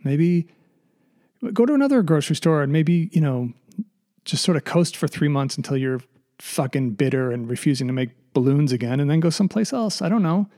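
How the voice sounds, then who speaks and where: A man's voice: fairly high pitch, animated, fairly quick, warm tone. A middle-aged man hosting a podcast alone, rambling and sarcastic, nervous, restarting often and swearing freely. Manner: nervous, sighing. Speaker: podcast host. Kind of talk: casual solo monologue.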